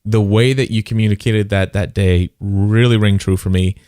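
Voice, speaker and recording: A middle-aged man hosting a podcast in casual conversation, telling stories and getting animated when he quotes people. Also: on the low side, moderate pace, dry recording, clean studio sound. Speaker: podcast host.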